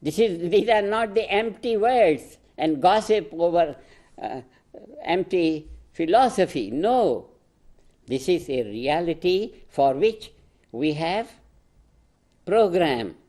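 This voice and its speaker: Slow, emphatic older Indian man. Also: sits high, lively intonation, darkish tone. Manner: slow, emphatic, repeats phrases, laughs between points. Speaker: spiritual teacher. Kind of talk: proclamatory address.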